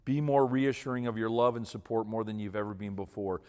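A man's voice: fairly low pitch, a little fast, darkish tone, smooth. A man in his fifties giving folksy, emphatic advice to an audience, often repeating himself for emphasis. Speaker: speaker giving marriage advice to men. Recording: long hall reverb.

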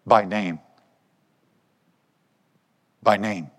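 A man's voice: fairly low pitch, fairly even intonation, very slow, fairly bright tone. A man preaching a conversational sermon, asking his listeners questions as he talks. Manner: conversational, asks the congregation questions. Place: church hall. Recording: long hall reverb.

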